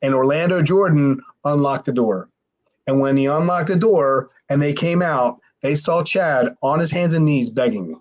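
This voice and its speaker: A man, a former pro wrestler guesting on a podcast, telling a rambling, profane story and mimicking others in a high voice. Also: moderate pace, muffled recording. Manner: animated, mimics others with sharply raised pitch. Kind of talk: casual storytelling.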